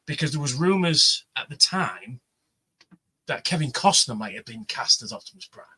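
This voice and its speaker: A man telling an animated story on a livestream panel, swearing freely and acting out the voices of the people he quotes. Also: mid-range voice, normal speed, husky, low-quality recording. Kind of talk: casual chat, storytelling.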